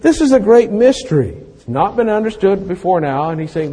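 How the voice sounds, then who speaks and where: A man's voice: high-pitched, sing-song, a little fast, warm tone, slightly rough. A man in his late fifties preaching a sermon, mixing scripture reading with folksy, self-mocking stories. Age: 50s. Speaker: pastor. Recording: long hall reverb.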